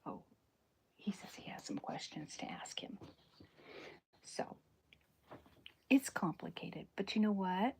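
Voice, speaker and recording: A woman chatting in a soft-spoken, whispery way during an ASMR drawing livestream, rambling and correcting herself as she goes. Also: medium pitch, animated, slow, gravelly, pauses often. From American South. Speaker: cartoonist streaming live.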